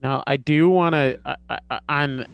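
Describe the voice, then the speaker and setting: Excitable man co-hosting, dry sound. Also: mid-range voice, normal speed, vocal fry, smooth, no echo, lo-fi sound. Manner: enthusiastic, rambling with many "like"s. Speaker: podcast co-host. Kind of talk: casual podcast interview.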